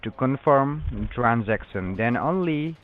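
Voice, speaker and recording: A man's voice: mid-range voice, expressive, unhurried. A man acting as a phone support agent, speaking in formal, repetitive stock phrases. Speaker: phone scammer. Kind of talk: scripted support call. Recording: tinny phone line.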